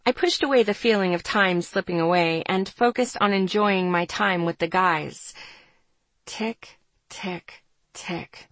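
A woman narrating a first-person story as an audiobook, steady and measured. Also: medium pitch, no room sound.

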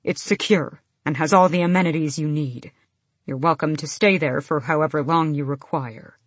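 A woman voicing a steady young male guard captain who speaks calmly and reassuringly. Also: deep voice, normal speed, breathy edge, dry recording.

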